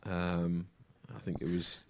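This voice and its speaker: A podcast co-host with a deep, slow voice and little pitch movement rambles through a crude personal story in casual chat. He hesitates constantly, piling up ums and restarts, over slight background noise.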